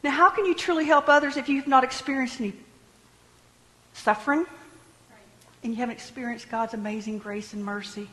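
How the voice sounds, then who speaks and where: A woman preaching a sermon in a lively, animated way, joking with her congregation. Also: a little high, a little fast, pauses often, in a large hall, low-quality recording.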